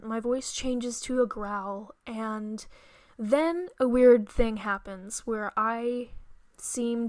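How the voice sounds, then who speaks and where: Slow-talking woman telling a story. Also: a little high, no room sound. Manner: earnest, halting retelling with restarts. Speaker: podcast host. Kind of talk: storytelling monologue.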